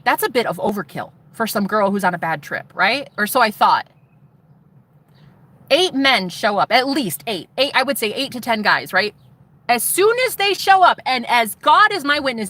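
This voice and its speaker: Animated bright-voiced young woman storyteller. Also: mid-range voice, slight background noise, low-quality recording. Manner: animated, swearing, acts out quotes. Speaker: vlogger. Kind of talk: storytelling testimony.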